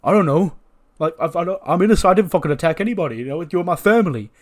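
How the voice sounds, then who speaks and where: A man voicing a big male wrestler who stammers and rushes to protest his innocence. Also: on the high side, lively intonation, voice pushed up, natural voice. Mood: defensive.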